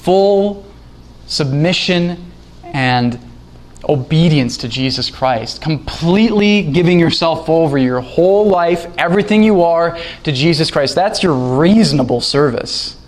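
Pastor, male, fairly high voice; earnest sermon delivery with stressed scripture readings. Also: animated, measured pace. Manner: earnest, rising emphasis on quoted scripture.

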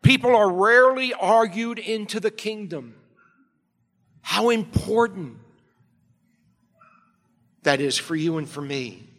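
A man preaching a sermon as pastor, emphatic, swinging between quiet, low passages and loud, urgent appeals. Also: takes it slowly, pauses often. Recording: long hall reverb.

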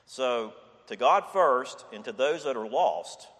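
60-year-old preacher in a reverberant hall. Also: male voice, medium pitch, lively intonation, slow pace, a bit bright. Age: 60s. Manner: conversational, repeats "okay?" and "I mean". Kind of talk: sermon.

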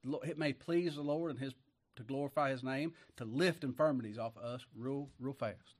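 Folksy preacher man, loud then hushed. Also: mid-range voice, fairly quick. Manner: swings between loud declaiming and hushed asides; chuckles often, plain colloquial speech. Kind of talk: folksy sermon.

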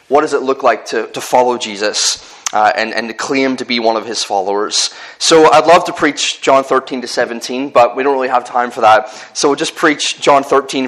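A man's voice: medium pitch, fairly bright tone, rough recording. A man with a Northern Irish accent preaching a sermon in an earnest, conversational way, often restarting his phrases and telling personal stories.

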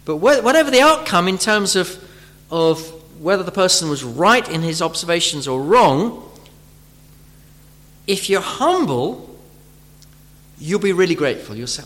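A man preaching a sermon, often pausing and repeating words as he searches for phrasing, and acting out imagined speakers as he teaches. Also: sits high, sing-song, fairly bright tone. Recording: long hall reverb.

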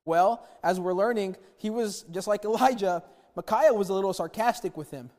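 A man preaching a sermon, retelling a Bible story in an animated way and acting out the quotes. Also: high voice, moderate pace, in a large hall. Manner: animated storytelling, acts out quotes, repeats words.

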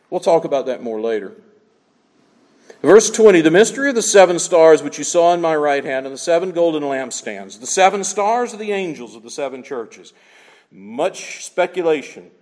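A man preaching a sermon, swinging between loud emphatic lines and hushed asides. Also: on the high side, long reverb tail.

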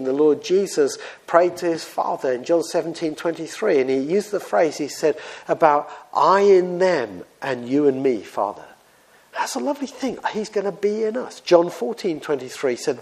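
A man preaching a sermon in a conversational, storytelling style, often pausing with fillers. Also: a little high, vocal fry, a little mellow, husky.

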